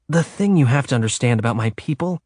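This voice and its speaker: An earnest, protective young man, voiced by a male audiobook narrator speaks firmly and plainly. His voice sits at an ordinary male pitch. The sound is dry and close. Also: lively intonation, fast, a little mellow, no echo, natural voice. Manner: earnest, firm. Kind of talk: audiobook reading.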